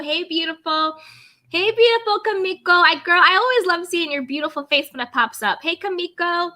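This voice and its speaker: A woman's voice: high voice, sharp tone. Bubbly woman hosting a live recap. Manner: bubbly, drawn-out greetings, pop-culture slang. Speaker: YouTube recap host. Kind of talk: live-stream chat, greeting viewers.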